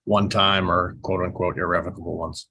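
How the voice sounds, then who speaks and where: A man giving measured, direct answers to a committee's questions about a bill. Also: deep voice, flat delivery, sharp tone, husky. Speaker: witness explaining a bill.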